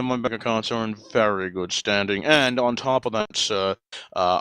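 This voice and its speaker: A man's voice: medium pitch, bright, forceful tone, clean tone, dry recording, lightly acted, rough recording. A man voicing a pompous, smug rich duck tycoon in an improvised comedy bit. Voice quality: haughty, drawling upper-class put-on voice. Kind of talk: improvised comedy role-play.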